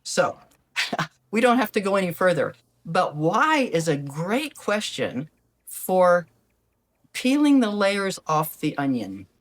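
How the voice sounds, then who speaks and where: An older woman talks alone as a life coach, her low voice swinging widely in pitch. She is gentle and animated, and often slips into little acted-out quotes of questions people ask. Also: slow pace. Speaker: podcast host, life coach. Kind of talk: reflective solo talk. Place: lives abroad in Ecuador.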